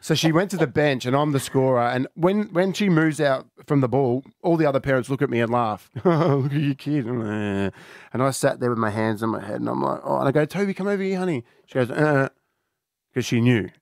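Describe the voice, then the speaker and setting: An Australian man hosting a radio show, telling a lively anecdote and acting out the people in it. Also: mid-range voice, fairly quick, gravelly, dry recording, studio quality. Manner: animated, acts out voices in anecdotes. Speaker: radio host. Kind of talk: casual on-air storytelling.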